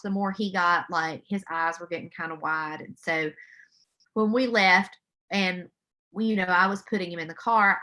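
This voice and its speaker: Bright-voiced woman counselor presenting. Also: fairly low pitch. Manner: earnest, conversational, many fillers and restarts. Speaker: mental health counselor presenting. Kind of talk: conference presentation. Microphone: video call.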